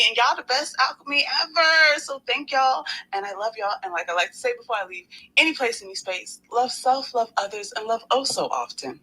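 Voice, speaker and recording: A woman's voice: mid-range voice, poor audio. A woman giving a heartfelt, emphatic closing message to an online community. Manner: warm, uplifting, emphatic. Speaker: guest speaker.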